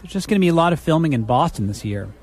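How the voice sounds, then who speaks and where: A man's voice: fairly high pitch, expressive, racing, darkish tone. A man reporting a radio feature, asking conversational, probing questions in an interview.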